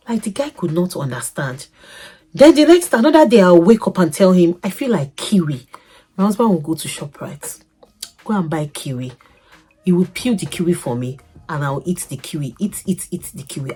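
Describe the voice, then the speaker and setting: A young woman tells her own story to camera in a loose, chatty way, her voice leaping up and dropping low. It sounds a little husky, and faint music plays behind her. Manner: animated, laughing, swings between loud outbursts and soft asides. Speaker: vlogger.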